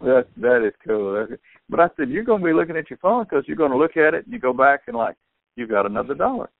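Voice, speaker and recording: An older man tells sales stories in an excitable rush, acting out the voices of the people he met. His voice is gravelly. The call comes through a tinny phone line. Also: medium pitch, fast talker, dry recording. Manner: excitable storyteller, acts out quotes. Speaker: store owner and sales partner. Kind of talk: phone conversation.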